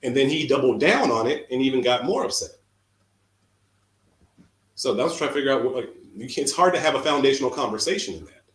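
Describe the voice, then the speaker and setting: A man on a livestream defending himself in a measured tone, insisting he stays calm. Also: mid-range voice, reverberant. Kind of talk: heated argument.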